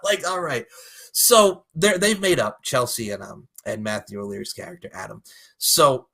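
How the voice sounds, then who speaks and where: Animated, laughing man on a podcast. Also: sits high, moderate pace, creaky. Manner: animated, laughing often, swearing casually. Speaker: podcast co-host. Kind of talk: casual movie recap chat.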